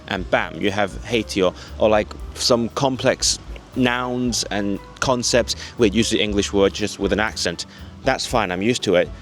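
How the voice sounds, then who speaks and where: A young man vlogging casually, thinking aloud as he walks through town streets at dusk. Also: medium pitch. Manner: chatty, thinking aloud, self-talk while walking. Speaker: language vlogger. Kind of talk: casual vlog monologue. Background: wind, traffic and faint music.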